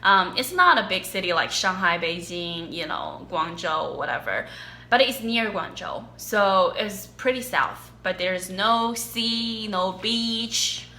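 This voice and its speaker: A young woman from China with a Chinese accent, chatting casually in a question-and-answer vlog, animated and quick to laugh. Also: mid-range voice, echoey room, a little hiss or hum. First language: Mandarin Chinese. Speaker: vlogger. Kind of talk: casual Q&A chat.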